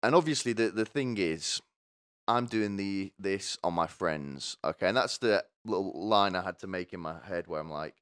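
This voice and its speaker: Young guy, low smooth voice, dry close mic; sarcastic comedic commentator who rambles and swears. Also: unhurried, a bit bright, no room sound.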